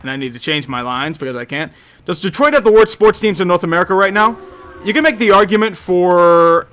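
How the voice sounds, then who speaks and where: Bright-voiced young man rambling sarcastically. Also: high voice, clear, resonant tone. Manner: rambling, sarcastic, quick to joke. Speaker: live streamer answering chat. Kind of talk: casual live-stream chat over gameplay.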